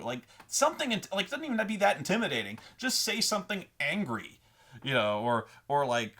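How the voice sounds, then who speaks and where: A man hosting a casual monologue on tabletop role-playing, rambling and profane, slipping into quick character voices as he explains. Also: on the high side, very animated, pushed and bright. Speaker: host of a tabletop gaming advice show.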